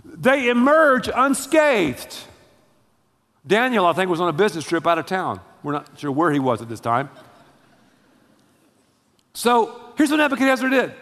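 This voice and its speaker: A man preaching a sermon, telling the story in a lively, slangy way. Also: high-pitched, moderate pace, pauses often, long reverb tail. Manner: animated storytelling with slangy asides. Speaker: pastor.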